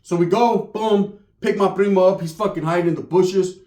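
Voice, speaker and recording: A young man from spins a crude comic story in loose, profane street slang. His voice sits fairly high, and it rings around a roomy space. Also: moderate pace, a little mellow. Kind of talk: comedic storytelling. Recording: roomy echo.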